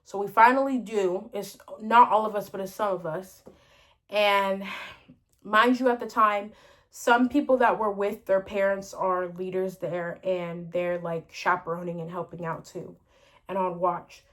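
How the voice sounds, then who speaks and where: A woman's voice: mid-range voice, fairly even intonation, measured pace, fairly bright tone. A woman telling a story in a casual vlog, rambling with lots of fillers and sounding exasperated. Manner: exasperated, venting retelling. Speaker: storyteller vlogger.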